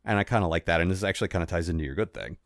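A man with a low voice co-hosts a podcast, chatting casually and rambling in quick bursts. He keeps interrupting himself and restarting. The recording is dry and studio quality.

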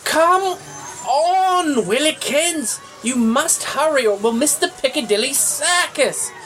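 Pompous rich english toff voiced by a woman, lively swooping delivery, gushing and clueless. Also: high voice, slow, slight background noise, exaggerated voice. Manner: posh, gushing, oblivious. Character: wealthy, excitable, pompous English gentleman. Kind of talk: comedy audio drama.

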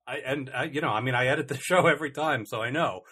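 A man co-hosts a casual comedy podcast, his voice bright with a husky edge. He rambles, starts over mid-sentence, and keeps slipping in dry complaints for laughs. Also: medium pitch, quick pace. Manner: rambling, self-interrupting, dry complaining humor. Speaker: podcast co-host.

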